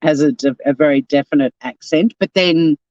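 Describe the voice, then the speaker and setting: On her casual YouTube livestream, an Australian host with a South Australian accent reads out comments, rambling bluntly and swearing. Her voice is low-pitched and darkish at normal speed, in a dry recording with the highs cut off.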